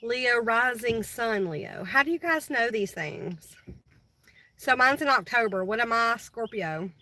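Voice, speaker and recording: Bright, chatty middle-aged woman livestreaming. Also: on the high side, animated, measured pace, poor audio. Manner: chatty, addresses viewers by name and answers comments. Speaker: livestream host. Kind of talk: casual livestream chat with viewers.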